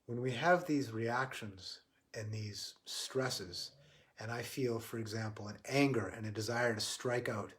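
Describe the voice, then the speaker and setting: A man giving a livestreamed spiritual talk, earnest and halting, often restarting his sentences. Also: mid-range voice, a bit bright. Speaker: spiritual teacher.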